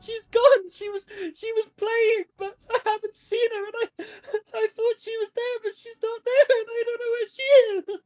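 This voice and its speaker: A woman's voice: very high-pitched, level tone, normal speed, few pauses, darkish tone, voice pushed up. A woman voicing a distraught young mother who pleads through tears for her lost daughter. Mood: sobbing, pleading. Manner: tearful, pleading, voice breaking. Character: sobbing distraught young mother, high and shaky.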